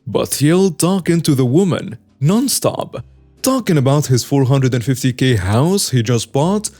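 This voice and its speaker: A man reading online stories aloud as the regular narrator of a story channel, in a steady scripted voice. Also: on the high side.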